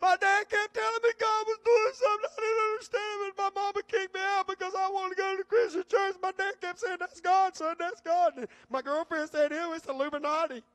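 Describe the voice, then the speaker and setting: A man, voicing a young man retelling his story, raises his voice high, loud and breathless, overwhelmed to tears. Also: level tone, rapid-fire, few pauses, no echo. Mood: overjoyed, tearful.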